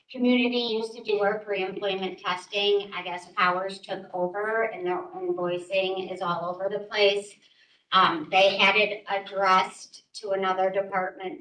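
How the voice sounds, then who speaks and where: Staff presenter, woman, bright tone, hesitant, recorded from afar in a reverberant room. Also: mid-range voice. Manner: hesitant, many ums. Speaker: sheriff's department staff presenting a request. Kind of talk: public meeting presentation. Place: council meeting room. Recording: echoey room, distant mic, faint noise.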